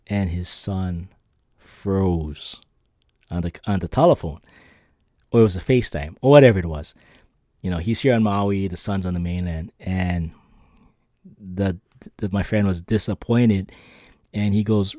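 A man's voice: fairly low pitch, a little slow, pauses often, dark tone, no echo, studio quality. A man hosting a podcast, telling personal stories in a casual, rambling way with lots of fillers and restarts. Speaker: podcast host. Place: lives on an island.

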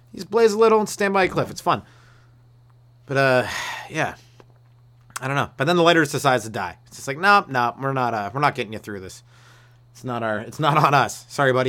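A man's voice: a little high, a bit bright. A man, a stand-up comedian ranting on his solo podcast in a meandering, laid-back way. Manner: laid-back and meandering, with restarts and acted-out voices. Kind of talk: rambling comedic rant.

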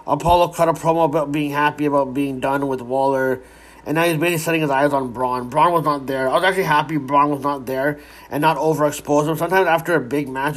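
A man giving a casual, rambling recap of a wrestling show, with frequent restarts and some swearing. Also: fairly high pitch.

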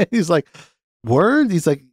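A man's voice: mid-range voice, darkish tone, dry recording, studio quality. A man talking casually as a podcast guest, laughing often and retelling scenes with quoted lines. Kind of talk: casual movie review chat.

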